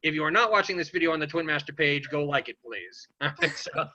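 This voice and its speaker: A man hosting a casual roundtable, asking questions in a halting way with many pauses and fillers. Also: fairly high pitch, animated, pushed and bright, no echo, lo-fi sound. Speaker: host.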